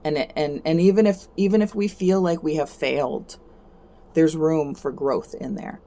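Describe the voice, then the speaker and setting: Lady host on her card-pull stream, kinda low voice, casual pep talk, says "right?" constantly. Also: moderate pace. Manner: keeps asking "right?", repeats herself, rises sharply when animated.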